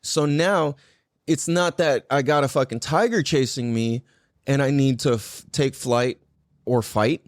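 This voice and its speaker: A man's voice: medium pitch, measured pace, no room sound, studio quality. A man hosting a podcast in casual chat, rambling and swearing a lot, with plenty of "like" fillers. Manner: rambling and heavily profane, full of "like" fillers. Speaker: podcast host.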